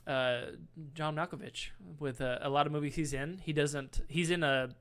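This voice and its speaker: A man's voice: fairly high pitch, fairly even intonation, normal speed, fairly bright tone, clean tone. A man co-hosting a casual podcast, telling stories and teasing his friends. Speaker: podcast co-host. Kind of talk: casual chat.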